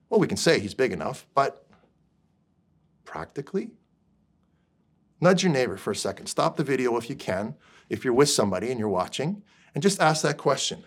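A male pastor preaching in a relaxed, conversational way. He keeps checking that his listeners are following him, mixing scripture with everyday stories. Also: medium pitch, normal speed, long pauses. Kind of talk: sermon.

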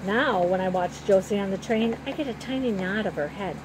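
Against a noisy background, a woman narrates a children's story in the first person with a gentle, even storytelling manner. Her voice is mid-range and her pace brisk.

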